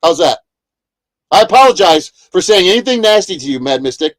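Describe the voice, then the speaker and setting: A man's voice: high-pitched, very animated, fairly quick. Angry profane man ranting on stream. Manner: profane, heated, repetitive. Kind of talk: angry livestream rant.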